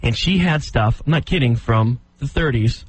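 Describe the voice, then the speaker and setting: A man's voice: medium pitch, normal speed, a little hiss or hum, poor audio. A man co-hosting a radio talk show, chatting casually and telling a family story. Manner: animated, mocks a commercial announcer.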